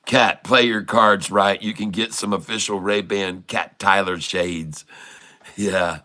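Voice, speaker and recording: A man's voice: low-pitched, steady tone, takes it slowly, pushed and bright. A middle-aged man hosting a casual livestream, cracking puns and laughing often. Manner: jokey and pun-loving, laughs often. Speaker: livestream host.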